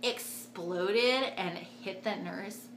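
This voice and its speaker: Bright-voiced young woman telling a story. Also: drawn-out words, creaky, a little hiss or hum. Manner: animated, acts out quotes with big jumps in pitch and loudness. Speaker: vlogger. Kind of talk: casual storytelling to camera.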